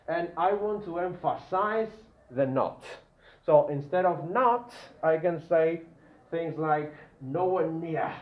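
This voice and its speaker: A man teaching a grammar lesson to a class, often checking in with the students and drawing out his example words slowly. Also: on the high side. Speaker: English teacher. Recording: dull lo-fi classroom recording with room echo.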